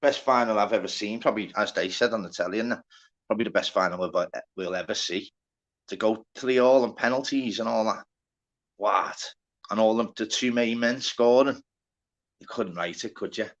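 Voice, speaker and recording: Scouse guy chatting on his livestream, lowish voice, swears a lot, shouts out viewers, dull lo-fi sound. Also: moderate pace. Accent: Liverpool. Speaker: livestream host. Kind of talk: casual live stream chat.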